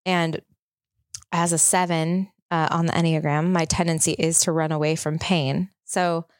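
A woman's voice: low voice, little pitch movement, a little slow, no echo, studio quality. A woman in her thirties hosting a podcast, telling a personal story in a chatty, open, reflective way. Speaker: podcast host. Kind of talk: casual chat.

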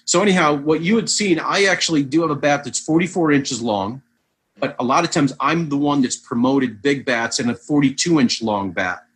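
A vintage baseball player, guesting in a casual interview, tells long, rambling anecdotes full of animation and restarts. His fairly high voice has a breathy edge and moves at normal speed.

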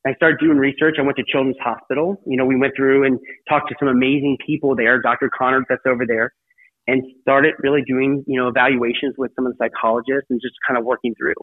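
A man's voice: mid-range voice, flat delivery, quick pace, no echo. A middle-aged man, an interview guest, telling a personal story in a rambling way full of "you know" fillers. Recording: tinny phone-line sound, dry.

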